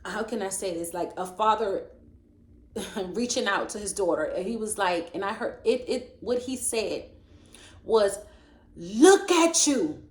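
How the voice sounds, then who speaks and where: A woman tells her faith testimony in an earnest, intense way, often stopping to hunt for the right words. Her pitch sits mid-range for a woman. The voice rings in a roomy, echoey space. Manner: preacherly urging in the closing. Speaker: vlogger sharing a faith testimony. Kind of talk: emotional personal testimony storytelling.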